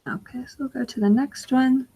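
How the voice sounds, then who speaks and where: A woman's voice: high voice, steady tone, moderate pace, warm tone, breathy edge. A young woman giving an instructional webinar, explaining slides step by step with frequent fillers. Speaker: webinar guest speaker.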